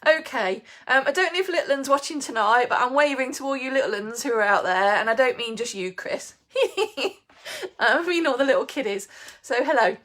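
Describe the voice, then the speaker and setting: A woman's voice: sits high, animated, normal speed, a bit bright. A woman who runs a bakery shop, hosting a chatty live baking demo, reading out viewer comments and laughing easily. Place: home kitchen.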